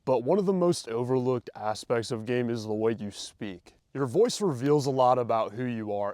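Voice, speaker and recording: A young man giving casual, confident dating advice straight to the listener, loose and slangy, sometimes showing how to slow his delivery down. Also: mid-range voice, darkish tone, no echo, clean studio sound. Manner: demonstrates slow versus rushed delivery. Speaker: dating coach. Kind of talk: direct-to-camera advice monologue.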